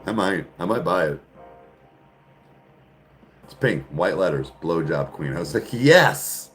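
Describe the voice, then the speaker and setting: A man's voice: sits low, unhurried, faint music behind. A man hosting a casual podcast chat, rambling in a crude, joking way and laughing often. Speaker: podcast host. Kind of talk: casual chat answering viewers.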